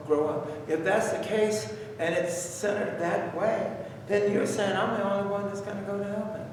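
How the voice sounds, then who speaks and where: A man's voice: high voice, recorded from a distance, a little hiss or hum. A man leading a Bible study, talking in a conversational, repetitive, exhorting way. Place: church room. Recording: echoey church room heard from afar.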